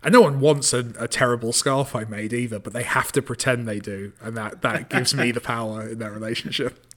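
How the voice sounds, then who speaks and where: A man's voice: medium pitch, fairly even intonation, brisk, fairly bright tone. A man co-hosting a podcast in casual chat, joking and self-deprecating. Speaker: podcast co-host.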